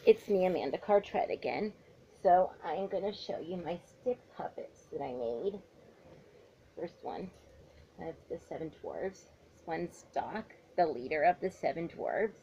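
A woman's voice: fairly low pitch, lively intonation, unhurried, mellow, dull audio, slight background noise. A woman in a casual show-and-tell vlog, announcing her handmade puppets one by one and giving them animal noises.

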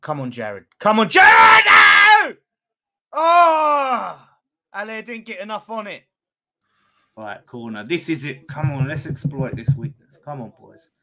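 A man reacting loudly to a football match on a fan watch-along, excitable and swearing. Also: medium pitch, normal speed. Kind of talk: live watch-along commentary.

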